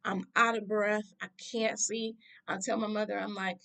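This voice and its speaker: A woman's voice: medium pitch, little pitch movement, normal speed, vocal fry, fairly bright tone. A woman telling a personal story time, talking bluntly and emphatically in a conversational way.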